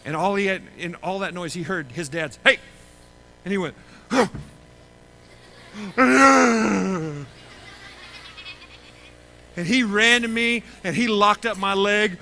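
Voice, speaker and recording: A man with a Texan accent telling a lively story to children at a camp gathering, acting out the voices of the people in it. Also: sits high, slow pace, gravelly, pauses often, rough recording. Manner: animated, acts out voices in his story. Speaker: camp speaker.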